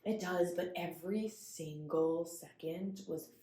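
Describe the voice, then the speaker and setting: A young woman co-hosting a podcast, excitable in casual book chat and acting out the quotes she tells. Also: on the low side, slow, reverberant. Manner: animated and excitable, acts out quotes. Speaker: podcast co-host.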